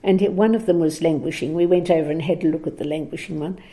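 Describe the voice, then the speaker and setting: A woman's voice: low voice, fairly even intonation, fast talker, warm tone. A woman telling a long anecdote on a recorded program, chatty, with frequent laughs, ums and restarts. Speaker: guest storyteller.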